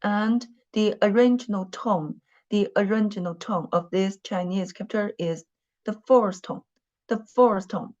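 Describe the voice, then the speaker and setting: A woman's voice: mid-range voice, a little slow, darkish tone. A woman teaching a Mandarin class in English, repeating phrases and using many fillers. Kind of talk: classroom lesson. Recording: dull lo-fi sound.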